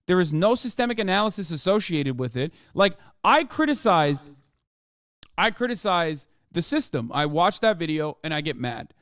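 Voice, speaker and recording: Male streamer in his thirties, fairly high voice, smooth and dry; heated, profane reaction rant. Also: very animated, moderate pace, a bit bright, dry recording.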